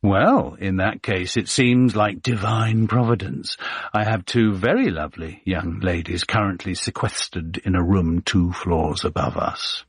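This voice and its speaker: A man's voice: low voice, a little slow, husky, no echo, studio quality. A man voicing a sly male fixer who talks in a teasing, sardonic way.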